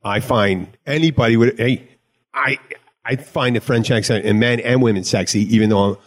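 A man's voice: medium pitch, normal speed. A middle-aged man hosting a casual chat show, talking in a rambling way with restarts and laughs. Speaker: podcast host.

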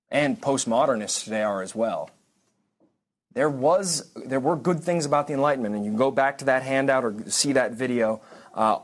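A man teaching a church history class in an easy, conversational way. He wanders off on tangents, restarts his sentences and drops dry asides, and his voice sits at an ordinary, middle pitch. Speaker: lecturer.

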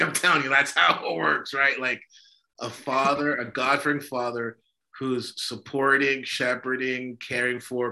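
Bright-voiced priest talking emphatically. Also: male voice, mid-range voice. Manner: emphatic, preachy, self-interrupting with many fillers. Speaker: Orthodox priest and podcast host. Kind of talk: casual religious discussion.

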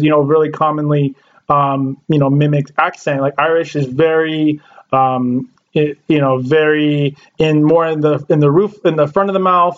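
A man hosting a casual podcast chat, rambling with lots of fillers and casual swearing. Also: a little high. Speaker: podcast host. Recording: lo-fi dull sound.

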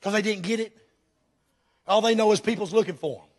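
A man's voice: high-pitched, a little fast. A pastor preaching a fervent sermon to his church, firing questions at the congregation.

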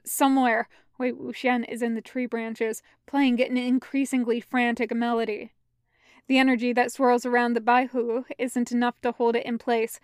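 A woman reading fan fiction aloud as a podfic, in a steady, even narration. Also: on the high side, smooth, no echo, studio quality. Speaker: podfic reader.

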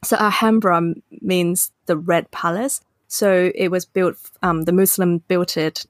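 A woman co-hosting a casual podcast, chatting and explaining her travel memories in a lively storytelling way. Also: on the low side, a little slow, no echo, studio quality. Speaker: podcast co-host. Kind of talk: casual chat.

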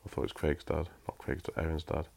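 A very deep-voiced man reads a story aloud. He drops into dry, self-mocking asides between passages. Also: level tone, fast, vocal fry, darkish tone.

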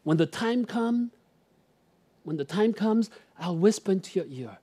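A middle-aged man preaching a sermon in church, swinging between loud emphatic declarations and soft, near-whispered lines. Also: a little high, lively intonation, moderate pace, breathy edge. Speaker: pastor.

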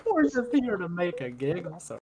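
A woman's voice: fairly low pitch, sing-song, moderate pace, a little mellow, a little hiss or hum. A woman co-hosting a podcast in casual chat, rambling with lots of filler words and laughing often. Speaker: podcast co-host.

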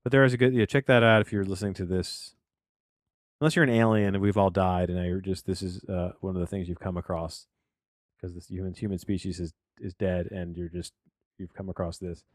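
A man hosts a casual film-review podcast from a home office studio, wandering off into tangents and restarting his sentences. His voice sits a bit low, and the recording is dry and close. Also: little pitch movement, a little fast, dry recording. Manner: rambling, full of tangents and restarts.

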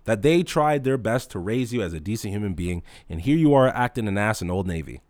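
A man's voice: medium pitch, sing-song, quick pace, hardly any pauses, no room sound. A young man who manages a store, telling a story in an exasperated, mock-incredulous rant full of swearing.

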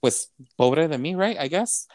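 A man's voice: a little high, lively intonation, normal speed, darkish tone, no room sound. A man, a podcast guest telling a personal story in a casual, earnest way, switching between English and Spanish with plenty of "you know". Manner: earnest, emotional retelling.

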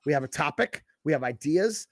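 A man's voice: fairly high pitch, expressive, fairly quick, dry recording, studio quality. A man co-hosting a podcast, telling stories animatedly in crude casual chat and swearing freely. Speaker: podcast co-host.

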